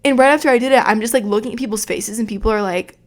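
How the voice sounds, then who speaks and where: A woman's voice: on the high side, racing. Chatty, swearing young woman telling stories. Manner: chatty and profane, retelling a night out. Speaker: podcast host. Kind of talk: casual storytelling podcast.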